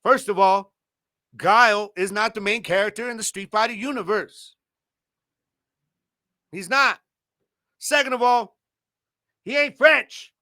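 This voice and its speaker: This thirtysomething podcast host keeps things loose and slangy, laughing often as he chats. He speaks a little slowly with long pauses, in a high, bright, forceful voice. There's no echo, just clean studio sound.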